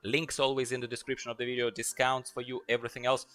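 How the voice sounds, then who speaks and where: A man's voice: medium pitch, flat delivery, quick pace, fairly bright tone, soft background music. A man hosting a video channel, summarizing a translated owner interview in a chatty, emphatic way that repeats words for effect. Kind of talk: casual video commentary.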